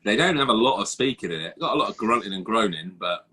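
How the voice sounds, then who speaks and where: Husky man telling rambling anecdotes. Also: fairly low pitch, expressive, fast, sharp tone. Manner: rambling, self-mocking anecdotes. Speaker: podcast co-host. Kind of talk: casual banter.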